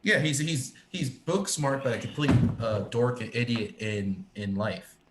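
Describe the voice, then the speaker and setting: A man's voice: mid-range voice, unhurried. A man chatting casually on a live stream, rambling and swearing, with many restarts. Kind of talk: casual chat. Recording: echoey room with faint ambient noise.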